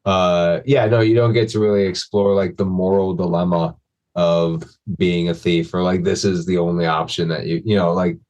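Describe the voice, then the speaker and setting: Comedian guest, male, slightly low voice, self-deprecating and loose. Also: moderate pace. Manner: self-deprecating, animated, filler-heavy. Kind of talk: casual chat.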